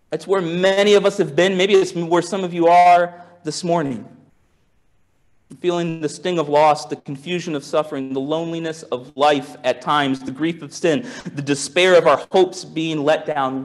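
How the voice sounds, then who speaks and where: Conversational pastor preaching, soft to fervent. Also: male voice, fairly even intonation, normal speed. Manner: conversational, musing, with many restarts and rhetorical questions; swings from soft and low to raised and intense. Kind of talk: sermon.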